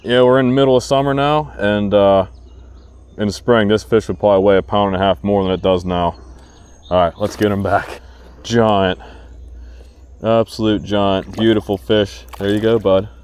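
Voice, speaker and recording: A man vlogging while fishing from a boat on a river, talking excitedly to himself and the fish. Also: fairly low pitch, measured pace, a little hiss or hum. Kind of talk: casual narration while fishing.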